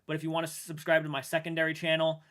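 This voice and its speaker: A man streaming live and chatting with viewers, emotional and halting, restarting sentences and swearing now and then while sounding shaken. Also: a little high, completely flat delivery, fairly bright tone. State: shaken and upset. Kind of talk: livestream chat with viewers.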